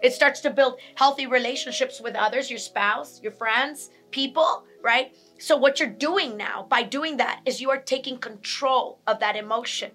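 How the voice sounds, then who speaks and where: A woman with a high, bright voice gives a teaching talk on emotions. She repeats her key points and briefly acts out angry and sad examples. Faint music plays behind her. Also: moderate pace, hardly any pauses. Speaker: speaker on emotional health.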